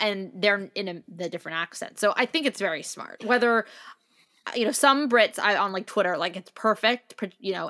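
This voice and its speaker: A woman's voice: mid-range voice, bright, forceful tone. A woman co-hosting a podcast in casual chat, enthusiastic and talkative, with many fillers and restarts. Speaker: podcast co-host.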